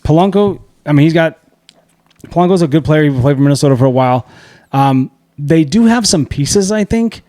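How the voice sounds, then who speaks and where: A middle-aged man co-hosting a podcast, in loose, profane banter full of quick laughs. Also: fairly high pitch, animated, mellow, no room sound, clean studio sound. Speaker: podcast co-host. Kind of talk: casual chat. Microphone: podcast mic.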